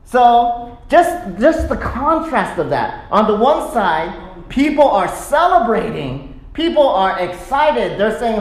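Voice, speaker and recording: Animated pastor preaching in an echoey sanctuary. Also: medium pitch, takes it slowly. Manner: animated storytelling, acts out quotes. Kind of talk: sermon. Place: church sanctuary.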